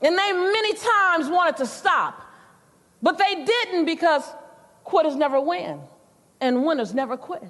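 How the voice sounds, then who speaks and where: A loving old grandmother, put on by a woman speaks slowly and firmly with a high voice, repeating her words to drive them home. The sound carries a long echo from a big hall. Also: lively intonation, fairly bright tone, exaggerated voice. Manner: slow, insistent, repeats herself for emphasis. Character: loving old grandmother, firm and slow-spoken.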